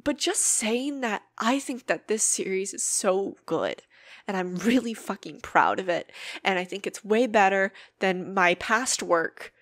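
A woman's voice: mid-range voice, unhurried, no echo. A woman hosting her own podcast, talking earnestly and emotionally in a personal monologue and swearing freely. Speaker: podcast host.

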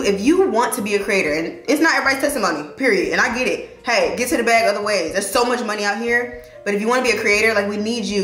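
A young woman chatting in a get-ready-with-me vlog, animated, slangy and emotional as she encourages her viewers. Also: mid-range voice, roomy sound. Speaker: vlogger and lawyer.

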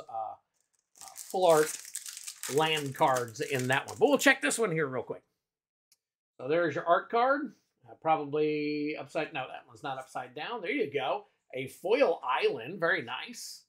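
A man with a slightly high, fairly bright voice hosts a card-opening video for his channel. He chats casually, naming each card aloud as he pulls it and tossing in little asides.

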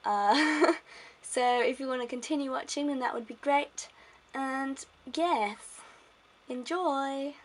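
Upbeat young woman, playful video intro, slightly high voice, a little off-mic. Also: takes it slowly, far from the mic. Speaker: vlogger.

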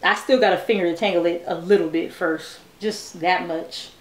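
A woman vlogging at home, chatting excitedly with her viewers while demonstrating a hair brush. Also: fairly low pitch, moderate pace, a little hiss or hum. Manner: excitable, chatty, addresses viewers as "you guys". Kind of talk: casual product demo chat. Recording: echoey room.

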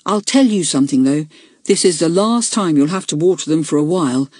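A woman reading the part of a calm, kindly older schoolboy who gardens, speaking steadily and gently. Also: sits low, fairly quick, breathy edge, dry recording, clean studio sound.

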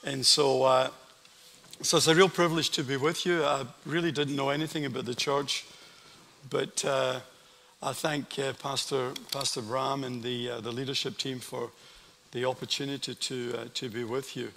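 A man's voice: mid-range voice, fairly even intonation, normal speed, vocal fry. An older man with a Scottish accent, a guest pastor telling stories and preaching to a congregation in a large church. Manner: warm storytelling with asides to the congregation. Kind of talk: sermon. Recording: church hall reverb.

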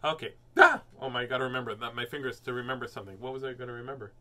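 Bright-voiced jokey man reading a storybook. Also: mid-range voice, racing. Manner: rambling and jokey, with many fillers and silly sounds. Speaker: host reading children's books aloud. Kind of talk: playful live book reading with chatty asides.

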